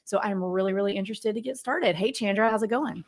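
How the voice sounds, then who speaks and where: A woman's voice: medium pitch, fast. A woman hosting a podcast, introducing her guest in a bubbly way and laughing easily. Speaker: podcast host. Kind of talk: upbeat podcast interview intro.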